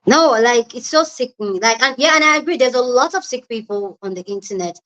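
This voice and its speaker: A woman's voice: fairly high pitch, animated, brisk, fairly bright tone. A young Nigerian woman with a Nigerian accent hosting a casual live chat, greeting viewers by name and giving her opinions. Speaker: livestream host. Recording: lo-fi livestream audio.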